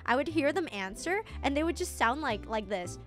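A woman's voice: sits high, animated, normal speed, fairly bright tone. A young woman streamer chatting casually and animatedly with a guest, telling dramatic stories. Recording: stream audio with background music.

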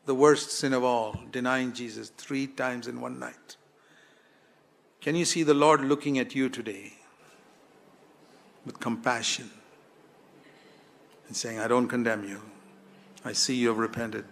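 A man's voice: medium pitch, steady tone, unhurried, gravelly, long pauses. A man preaching a sermon in an earnest, pleading way, putting direct questions to his listeners.

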